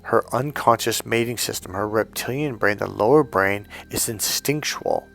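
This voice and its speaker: A middle-aged man with a lowish voice tells stories as a dating coach. He swears freely and plays out each side of a conversation. Faint music runs underneath. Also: moderate pace, creaky, a bit bright. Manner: blunt, profane, acts out both sides of conversations. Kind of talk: storytelling to camera.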